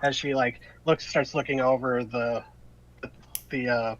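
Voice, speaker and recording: A man's voice: medium pitch, fairly even intonation, unhurried, muffled recording. A man running a tabletop game as game master, narrating in a rambling, hesitant way full of fillers.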